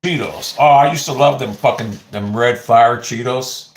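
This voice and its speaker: A man's voice: mid-range voice, normal speed, echoey room, slight background noise. A man chatting casually on a livestream from his home kitchen into a phone, rambling and swearing as he snacks. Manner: rambling, profane, easily excited.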